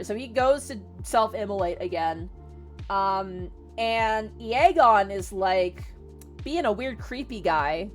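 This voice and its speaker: A young woman streamer casually retelling a story, animated and full of filler words and swearing. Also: mid-range voice, slow pace, faint music behind.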